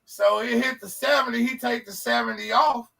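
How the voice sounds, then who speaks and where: A man co-hosting a podcast, telling a profane, animated story in casual chat and acting out the people in it. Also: very high-pitched, normal speed, gravelly, recorded from a distance, poor audio. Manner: animated, profane, acts out quoted voices. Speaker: podcast co-host.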